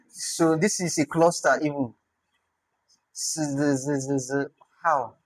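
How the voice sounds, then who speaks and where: A man's voice: a little high, fairly even intonation, slow pace, low-quality recording. A man giving an online lesson on spelling, thinking aloud, sounding out words and chuckling as he goes. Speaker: instructor.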